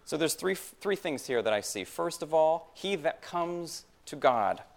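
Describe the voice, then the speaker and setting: A man's voice: fairly high pitch, lively intonation, unhurried, gravelly. A man preaching a sermon in a church, talking conversationally, asking the congregation rhetorical questions and repeating phrases for emphasis. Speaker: pastor.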